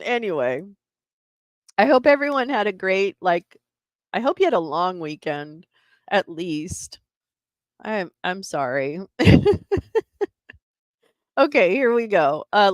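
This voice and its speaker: A woman's voice: mid-range voice, no room sound. A woman hosting a casual livestream from home, chatting with viewers and laughing often. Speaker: livestream host.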